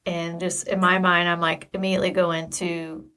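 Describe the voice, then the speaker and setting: A woman co-hosting a podcast, retelling a family story in casual chat, quick and lively with quoted dialogue. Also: on the low side. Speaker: podcast co-host.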